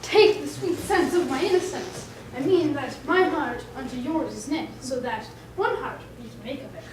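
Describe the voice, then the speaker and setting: An ardent young lover pours out verse in an earnest, declaiming manner, played by a woman. The voice is rather high and heard from afar, with echo and noticeable noise around it. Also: normal speed, close to an everyday voice. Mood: tender. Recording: echoey and noisy, from far off.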